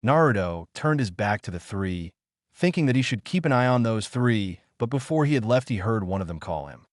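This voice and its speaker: A man narrates a fan fiction story in a steady, even reading voice. His voice sits somewhat low. The recording is dry and close, with no room sound. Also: brisk, no room sound.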